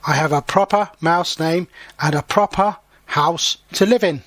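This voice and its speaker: A man voicing a friendly, proud little male house mouse in a storybook reading, speaking slowly. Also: on the high side, a bit bright, dry recording. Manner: slow, deliberate storybook dialogue.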